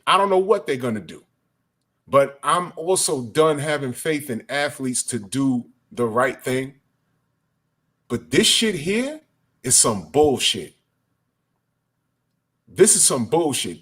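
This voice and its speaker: Man, boxing commentator, furious profane rant, slightly high voice. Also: sing-song, a little slow, pauses often, a bit bright. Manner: angry, profane, emphatic. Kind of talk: ranting commentary.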